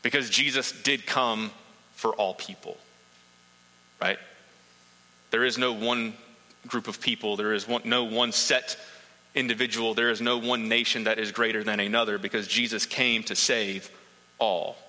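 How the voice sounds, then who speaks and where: Bright-voiced man preaching in a hall. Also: on the low side, fairly even intonation, unhurried, long pauses. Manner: earnest, emphatic repetition. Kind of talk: sermon.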